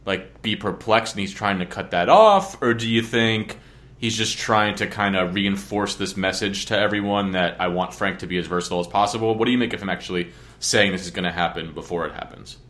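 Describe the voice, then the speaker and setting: A man's voice: fairly low pitch, a little fast, a bit bright. A man hosting a casual sports talk show, asking questions and teasing his co-hosts. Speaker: podcast host.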